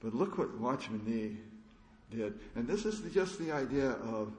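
A man giving a conference sermon, telling stories in a halting, earnest way with many restarts. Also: mid-range voice, expressive. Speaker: preacher. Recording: echoey room.

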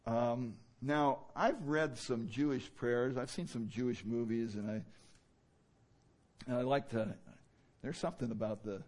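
A man preaching a sermon in a conversational way, with many fillers, who now and then rises into loud, emphatic bursts. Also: medium pitch, measured pace. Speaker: pastor.

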